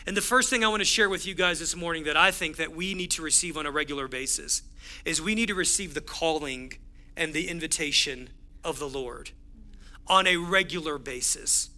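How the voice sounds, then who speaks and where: A young man preaching a sermon in a high, sharply bright voice. He tells his story with lively, conversational energy, speaking straight to his congregation as their pastor. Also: fairly quick.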